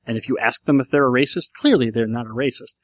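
A man's voice: medium pitch, fast talker. An American man talking casually on his own, rambling and often correcting himself mid-sentence. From United States. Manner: rambling, self-correcting, conversational. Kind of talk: casual solo monologue.

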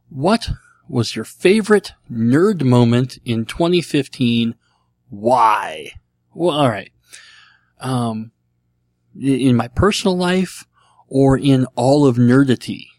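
A man's voice: mid-range voice, no echo. A middle-aged man hosting a casual solo show, rambling and self-deprecating, with a dry throat. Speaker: podcast host answering listener questions.

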